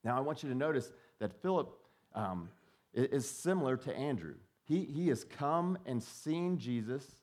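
A man's voice: medium pitch, lively intonation, moderate pace, a little mellow. Conversational male pastor preaching. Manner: conversational, repeats words when starting a thought; acts out quoted voices. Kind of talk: sermon.

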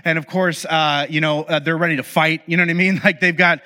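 A man telling a personal story in a casual, animated, conversational way, often saying "like". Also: fairly high pitch, brisk, long reverb tail. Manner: conversational and animated, heavy use of "like". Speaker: speaker sharing personal stories.

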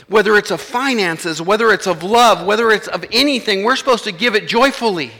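A man's voice: sits high, normal speed, sharp tone, in a large hall. A man, preaching a sermon in a church in a conversational way and acting out the voices of his listeners. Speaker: pastor.

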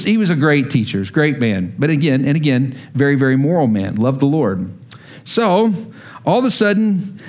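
A man with a high, light voice preaching a sermon. He talks in a chatty way and asks his listeners questions. He builds up to strong, emphatic calls. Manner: conversational, asks the congregation questions, grows emphatic. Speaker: pastor. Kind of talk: sermon with storytelling.

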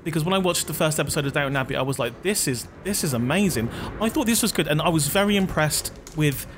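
A man's voice: fairly high pitch, fast, background noise. A man hosting a casual podcast, easygoing and hesitant, steering the chat with ums and questions. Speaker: podcast host.

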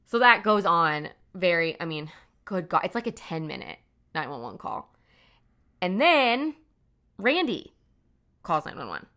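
Bright-voiced woman retelling a story. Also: lowish voice, big pitch swings, a little slow, pauses often. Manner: retells events casually, full of "like" fillers. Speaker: podcast host. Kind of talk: casual storytelling.

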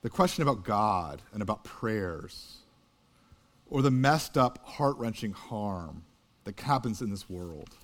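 Earnest animated male preacher. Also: on the low side, unhurried. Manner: earnest, conversational, builds to loud animated peaks. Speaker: pastor. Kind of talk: sermon storytelling.

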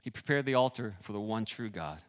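A man preaching a sermon, animated and joking with the audience, swinging between loud and hushed delivery. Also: fairly low pitch, brisk, long reverb tail. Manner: jokes with the audience.

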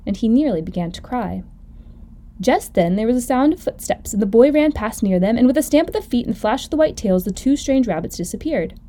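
A woman host reading a children's story aloud gently and expressively. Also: mid-range voice, animated, quick pace. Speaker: podcast host.

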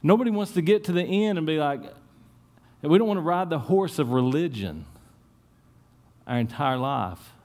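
A man preaching a sermon in church, telling stories with lively swings and dropping to a hushed tone for prayer. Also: on the high side, normal speed, long pauses. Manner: animated storytelling, repeats words, drops to a hushed tone in prayer. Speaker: pastor.

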